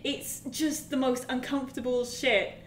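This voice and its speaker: Animated, swearing woman in echoey room. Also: high voice, a little slow, slight background noise. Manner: animated, profane storytelling. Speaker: podcast co-host. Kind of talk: casual chat about games.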